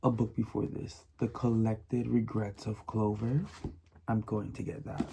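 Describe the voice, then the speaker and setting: A man's voice: on the low side, flat delivery, a little slow, creaky, warm tone, a little hiss or hum. A man chatting casually in a reading vlog, emphatic and repetitive, often laughing and sometimes dropping to a whisper. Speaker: book vlogger.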